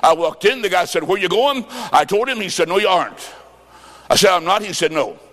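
Fervent high-voiced preacher in echoing hall. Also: male voice, animated, fairly quick. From US Midwest. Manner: fervent, shouting bursts, storytelling with quoted dialogue. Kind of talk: revival sermon. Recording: long reverb of a large hall.

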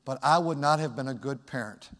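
A man's voice: mid-range voice, a little fast, fairly bright tone. Man preaching in a reverberant hall. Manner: folksy, reflective storytelling. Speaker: pastor. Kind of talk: sermon.

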